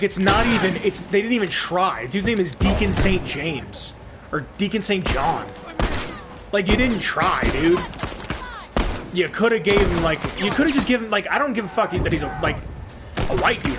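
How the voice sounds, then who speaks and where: A young man streaming a game, chatting casually and rambling with plenty of swearing and restarts. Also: sits high. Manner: rambling, profane, thinks aloud with restarts. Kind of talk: casual live-stream chat while gaming. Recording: clear background noise.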